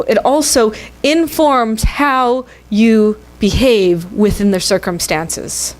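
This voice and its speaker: A woman minister telling a story in a sermon, conversational and expressive. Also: medium pitch. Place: church sanctuary.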